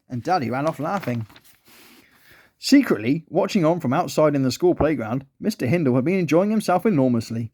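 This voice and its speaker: A man reading a children's story aloud with an animated, expressive delivery. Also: mid-range voice, a little fast.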